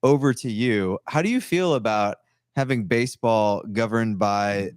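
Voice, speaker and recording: Lively man co-hosting a podcast. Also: lowish voice, a little slow, clean tone, dry recording, studio quality. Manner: lively, acts out other people's voices in stories. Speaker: podcast co-host. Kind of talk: casual chat on a live-streamed podcast.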